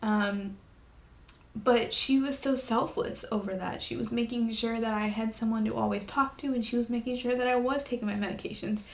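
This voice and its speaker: A young woman talking on her own podcast in a personal, confessional way, emotional and halting, with many pauses and fillers. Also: on the high side, fairly even intonation. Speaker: podcast host. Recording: echoey room.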